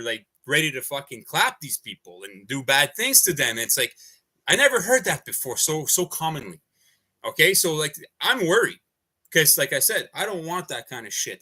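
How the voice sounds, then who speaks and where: A man's voice: fairly high pitch, pushed and bright. Heated, profane man ranting. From Canada. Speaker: activist livestreamer. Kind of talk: livestream rant.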